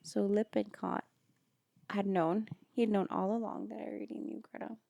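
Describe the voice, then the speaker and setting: A woman with a deeply gravelly, fry-heavy voice and a mellow, dark tone, reading passages from a novel aloud in a casual podcast. She is blunt and swears freely between quotes. The sound is dry and close. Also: level tone, normal speed, no room sound, dull audio. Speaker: podcast co-host.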